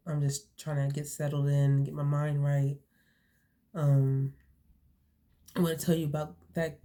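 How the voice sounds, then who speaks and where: A young woman vlogging from home, talking earnestly and haltingly, repeating herself. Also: low-pitched, dark tone. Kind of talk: casual talk to camera. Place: home, indoors.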